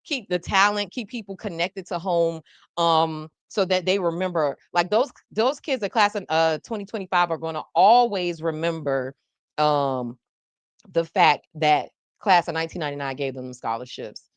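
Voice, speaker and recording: Lively woman podcast host, low voice. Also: moderate pace, smooth, no echo. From South Florida. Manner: talkative, animated, addresses viewers directly. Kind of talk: casual live podcast chat.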